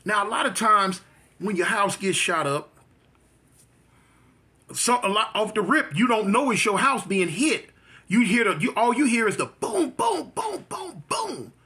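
A man's voice: sits high, expressive, normal speed, pauses often, bright, forceful tone, slightly rough. A man casually telling a personal life story, repeating phrases and acting out sounds as he goes. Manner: vivid storyteller who repeats phrases and mimics gunshots.

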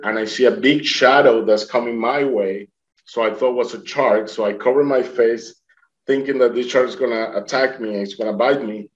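Earnest man telling his story, lo-fi. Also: mid-range voice. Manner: earnest storytelling, acting out quoted voices. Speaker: interview guest. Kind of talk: personal testimony.

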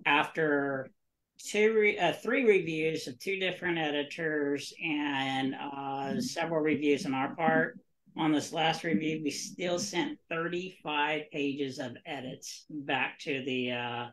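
A man author on a podcast, explaining his writing process in a halting way with many fillers. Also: a little high, steady tone, fairly bright tone, low-quality recording. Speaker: guest author. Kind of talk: casual podcast chat.

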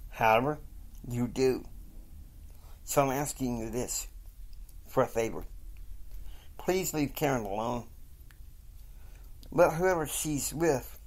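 A man's voice: mid-range voice, natural voice. A man voicing a stern wealthy mother. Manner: calm, firm counsel.

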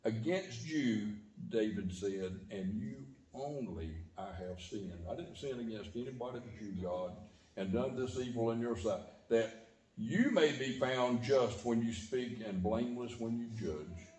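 A pastor preaches a sermon in an echoey church sanctuary, his animated, darkish voice unhurried yet full of sudden rises and drops in pitch and volume.

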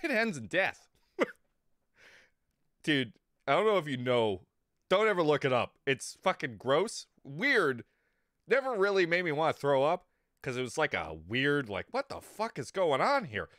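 Animated, crude-talking male streamer. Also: fairly high pitch, measured pace, pauses often, no echo, clean studio sound. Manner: crude, rambling, laughs often; talks to chat viewers. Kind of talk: casual livestream chat.

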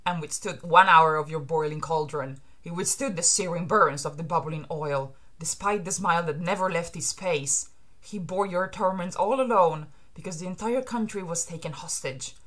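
A woman reading aloud as a proud young samurai daughter, speaking slowly, solemnly and with accusation. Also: fairly low pitch, a bit bright, voice pushed down.

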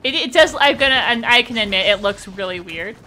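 A woman's voice: on the high side, expressive, a little fast, pushed and bright, a little hiss or hum. A young woman, chatting casually and encouragingly as she streams a game. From Canada. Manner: bubbly, encouraging, laughs often. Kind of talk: casual gaming chat.

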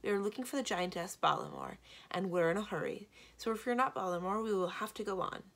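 A woman voicing a brisk, confident young princess who speaks decisively, reading a children's book aloud. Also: lowish voice, very animated, vocal fry, a bit bright, husky, exaggerated voice.

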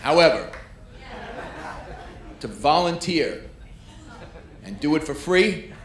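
A male New York comedian with a high-leaning voice talks slowly, his pitch swinging widely as he brashly works and provokes the audience. It's a stand-up set on a club stage, captured with echo and loud crowd noise.

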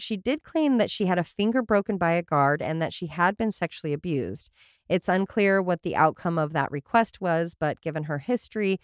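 A woman's voice: on the low side, no room sound. A woman hosting a casual podcast, telling stories with dry, sarcastic asides. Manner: wry, sarcastic asides while reading a story. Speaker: podcast host.

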